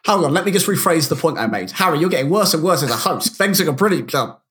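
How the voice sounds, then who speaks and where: A man's voice: fairly high pitch, animated, fast talker, fairly bright tone, slightly rough. A British man co-hosting a casual podcast, jokey and upbeat as he wraps up the show. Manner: jokey, upbeat sign-off patter. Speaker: podcast co-host. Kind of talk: casual chat.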